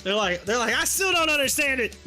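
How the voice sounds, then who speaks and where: A high-pitched, bright and forceful male voice chatting loosely to his live stream audience. He is animated and chuckles between thoughts, with faint music running behind him. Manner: animated, laughs often, drawls on his words. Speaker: livestream host. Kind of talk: casual livestream chat reading viewer comments.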